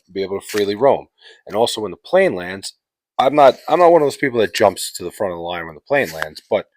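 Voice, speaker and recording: A man telling a travel story in a casual, profane, exasperated way, rambling with lots of fillers. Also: low-pitched. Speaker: podcast host.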